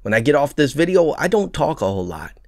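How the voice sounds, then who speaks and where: A man's voice: fairly high pitch, fast, no room sound, clean studio sound. A man with a New York accent, a truck driver vlogging casually to camera, stammering and restarting as he rants. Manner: animated, stammering restarts, mocking put-on voices. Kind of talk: casual vlog rant. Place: truck cab.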